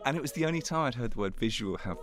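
A man as an interview guest, telling a story in an animated, self-mocking way and laughing as he goes. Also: mid-range voice, very fast, music in the background. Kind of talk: anecdotal storytelling.

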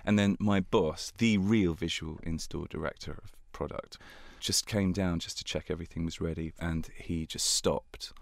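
A man as an interview guest, telling a story in an animated, self-mocking way and laughing as he goes. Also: low voice, moderate pace, gravelly, hardly any pauses, dry recording. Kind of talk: anecdotal storytelling.

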